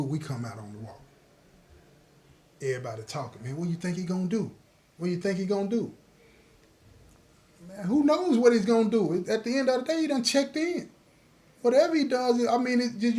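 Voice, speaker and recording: High-voiced man telling a story. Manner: talks straight to listeners, keeps checking they follow; lively, acts out the others in his story. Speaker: host telling his own prison stories. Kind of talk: casual spoken storytelling.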